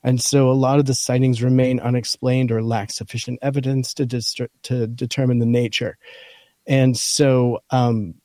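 Male podcast co-host, scratchy and mellow, reads an article aloud point by point, dry close sound. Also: mid-range voice, flat delivery, moderate pace, no echo. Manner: talks through a list point by point. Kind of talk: casual chat, reading from an article.

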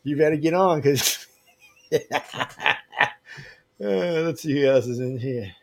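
His voice sits fairly high, with vocal fry, a darkish tone, and a slow pace. He's the host of a casual livestream giveaway, reading viewers' emails aloud and teasing them with loose slang.

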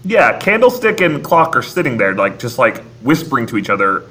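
A man's voice: medium pitch, big pitch swings, a little fast, pushed and bright, a little hiss or hum. A man co-hosting a casual film-recap chat, laughing often and acting out characters' lines. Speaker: podcast co-host.

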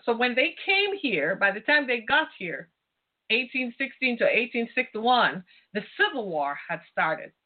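A woman giving an impassioned monologue, talking in a blunt, emphatic, colloquial way. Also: fairly high pitch. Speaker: commentator. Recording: tinny phone-like sound.

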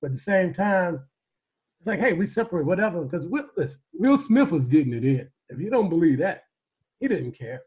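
A man co-hosting a podcast, loudly mocking and swearing in casual banter. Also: a little high, very animated, normal speed, breathy edge, narrow, tinny audio. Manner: loud, profane, mocking, laughing. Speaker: podcast co-host.

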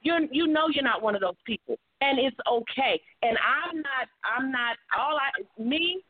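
A woman's voice: high-pitched, expressive, a little slow, no room sound, phone-quality sound. A woman hosting a call-in show, giving earnest, encouraging advice with preacher-like repetition. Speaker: radio talk show host, life coach.

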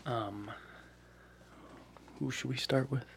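Guy cohosting a podcast, gravelly and a bit husky, talks eager with lots of likes. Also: medium pitch, steady tone, slow, fairly bright tone. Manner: enthusiastic, filler-heavy. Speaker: podcast co-host. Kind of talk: casual chat. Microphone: headphones and mic at home.

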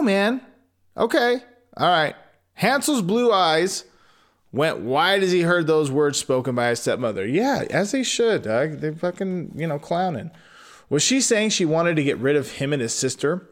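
Man, storyteller, comic fairy-tale reading, crude digressions, slightly raised pitch. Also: very animated, moderate pace. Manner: profane, rambling digressions.

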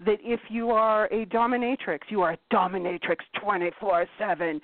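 A woman hosting a casual talk show, blunt and animated, swearing freely and acting out quotes. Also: medium pitch, moderate pace, no room sound. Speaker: podcast host. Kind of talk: casual chat. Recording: tinny phone-like line, dry.

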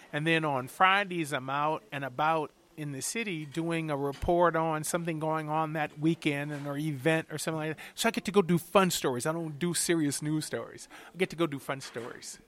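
A middle-aged man from Louisiana with a fairly high voice. He talks as a chef being interviewed, chatty and animated, telling stories as he goes. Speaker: chef and TV cooking host. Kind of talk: interview answers, storytelling.

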